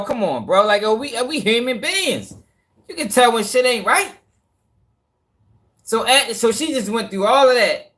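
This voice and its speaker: Skeptical male co-host, emphatic, high-pitched voice. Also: pushed and bright. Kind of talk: casual commentary.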